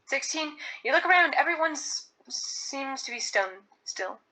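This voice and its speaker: Woman game master, descriptive narration, bright. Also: high voice, expressive, unhurried, poor audio. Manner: descriptive, repeats words while narrating.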